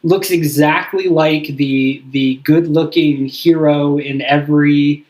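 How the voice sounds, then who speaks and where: Higher-voiced man recapping a film. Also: steady tone, darkish tone, low-quality recording. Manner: rambling, filler-heavy, acts out quick character lines. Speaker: podcast co-host. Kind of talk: casual movie recap chat.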